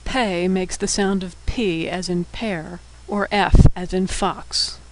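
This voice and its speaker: A man giving a scripted lesson, naming each letter and explaining its sound in a patient, clear way. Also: high-pitched, steady tone, slow, no room sound, poor audio. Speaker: teacher. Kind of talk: scripted instructional narration.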